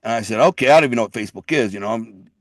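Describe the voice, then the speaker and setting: A man's voice: mid-range voice, rapid-fire, dry recording, clean studio sound. A middle-aged man, a guest telling his life story in blunt street talk, repeating and restarting words. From Detroit. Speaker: guest, author. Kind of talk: casual storytelling interview.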